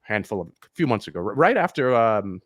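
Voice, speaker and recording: A man's voice: fairly low pitch, big pitch swings, fairly quick, a bit bright, dry recording, clean studio sound. A man who coaches triathlon swimming, giving frank advice in a casual live interview over a video call, with many restarts.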